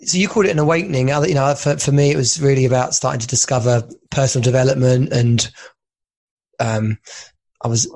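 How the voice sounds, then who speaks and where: A man's voice: mid-range voice, steady tone, fairly quick, vocal fry, a little mellow. A man hosting a podcast, chatting casually and rambling as he searches for words. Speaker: podcast host. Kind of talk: casual interview chat.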